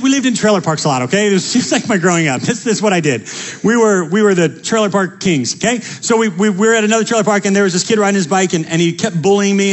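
A young man with a high voice preaches to his congregation. He tells quick, lively personal stories, then rises into fervent appeals. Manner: energetic storytelling, rising to preaching fervor. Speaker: pastor.

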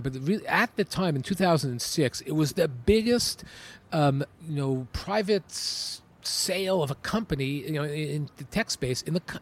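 A middle-aged man from Canada, an entrepreneur telling stories in an interview, animated and emphatic with many restarts. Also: on the high side. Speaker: entrepreneur guest. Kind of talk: interview storytelling.

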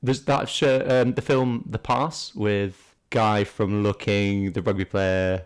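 A man's voice: lowish voice, steady tone, takes it slowly, clean tone. A man co-hosting a podcast in casual chat, chatty and self-mocking, laughing often. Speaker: podcast co-host.

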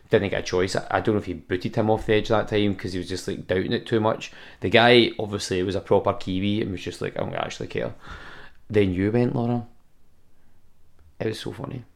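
A man's voice: fairly low pitch, moderate pace. A Scottish man hosting a podcast, telling travel stories in casual chat and swearing freely. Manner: animated storyteller, swears freely. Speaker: podcast host.

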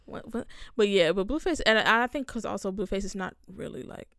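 Gravelly woman, hesitant chat. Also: medium pitch, lively intonation, brisk, a bit bright, no room sound, clean studio sound. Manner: hesitant, searching for words. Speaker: podcast co-host. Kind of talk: casual chat.

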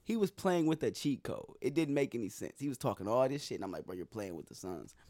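A man's voice: medium pitch, lively intonation, quick pace, darkish tone, no echo, clean studio sound. A man hosting a casual podcast, laid-back and swearing freely as he tells stories. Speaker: podcast host.

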